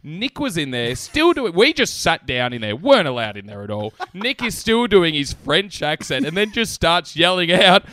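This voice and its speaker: A young man telling a story as a podcast co-host, animated and laughing often. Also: a little high, normal speed, few pauses. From Australia. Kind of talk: casual storytelling chat.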